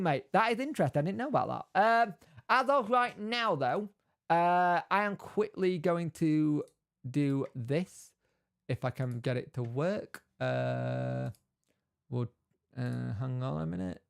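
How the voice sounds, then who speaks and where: A man's voice: a little high, a little slow, gravelly, smooth. A man hosting a casual live stream, greeting viewers by name and reading out news between chat.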